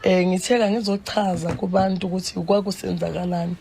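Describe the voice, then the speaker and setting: A woman's voice: fairly low pitch, fairly even intonation, brisk, vocal fry, a little hiss or hum. A young woman from Zimbabwe, talking in a social media clip and switching between languages. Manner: loud taunting mixed with other languages, playful laughter. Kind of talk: taunting social media clip, later a spoken apology.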